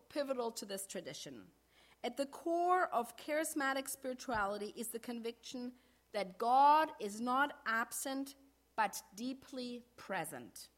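A middle-aged woman pastor preaches to her congregation, her voice sitting a little high. She speaks in a measured, deliberate way and slows right down to lean on the phrases that matter most. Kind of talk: sermon.

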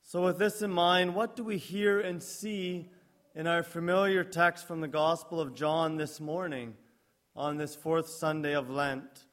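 A male pastor delivers a sermon in a storytelling manner. His voice sits slightly high. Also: fairly even intonation, measured pace, a bit bright. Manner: storytelling with acted quotes.

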